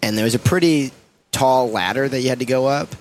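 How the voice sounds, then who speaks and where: A man's voice: medium pitch, a little fast, slight background noise. A man in a casual chat, telling a story hesitantly with many fillers. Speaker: podcast co-host.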